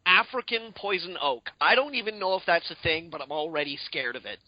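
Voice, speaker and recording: Rambling, joking podcast host. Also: male voice, fairly high pitch, expressive, brisk, no room sound, dull audio. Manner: rambling, exaggerated comic riffs. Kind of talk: casual comedic chat.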